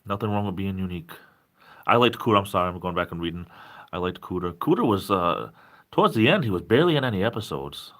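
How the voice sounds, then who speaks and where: Chatty forties man, southeastern New England accent, low voice, casual live stream host. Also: fast. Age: 40s. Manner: rambling, reads viewer chat aloud and answers it; speeds up when excited.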